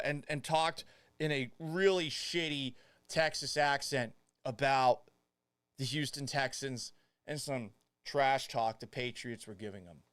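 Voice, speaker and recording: Sports podcast dude cracking jokes at himself, smooth voice, dry close sound. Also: male voice, a little high, dry recording. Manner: joking, self-mocking. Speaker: podcast host. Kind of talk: casual sports talk monologue.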